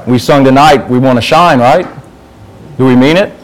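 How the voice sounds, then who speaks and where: A man's voice: mid-range voice, normal speed, poor audio. A man giving an informal sermon to a youth group, talking conversationally and asking the group questions.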